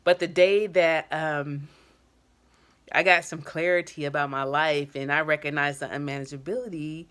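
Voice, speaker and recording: A woman's voice: low-pitched, steady tone, normal speed, a bit bright. A middle-aged woman who works as an addiction counselor, talking candidly on her vlog and telling her own story with casual slang and open emotion. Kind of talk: personal vlog talk.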